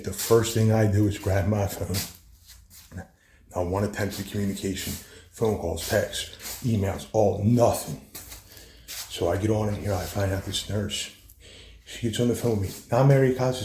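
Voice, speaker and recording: A man's voice: lowish voice, steady tone, moderate pace, pauses often, warm tone, slight background noise. A man telling a rambling personal story, profane and repetitive, with many restarts. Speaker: son recounting his mother's death.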